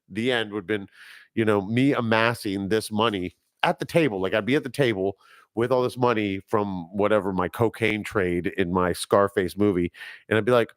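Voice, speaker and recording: A man's voice: on the low side, moderate pace, dry recording, clean studio sound. A man hosting a podcast alone, chatting casually and rambling about movies, laughing at his own tangents into a microphone. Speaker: podcast host. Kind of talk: casual solo movie chat. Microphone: speaking into a microphone.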